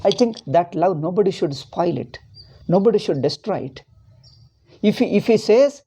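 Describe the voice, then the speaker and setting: Middle-aged Indian spiritual teacher, warm and husky, preaching with restarts and heat. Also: male voice, high-pitched, animated, normal speed, low-quality recording. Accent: Indian English. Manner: rambling and impassioned, with many restarts. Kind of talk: religious discourse.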